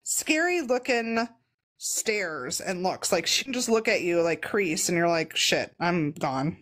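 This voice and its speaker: A woman co-hosting a casual podcast, reacting with incredulous, expressive exclamations. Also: mid-range voice, measured pace. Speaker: podcast co-host. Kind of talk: casual chat.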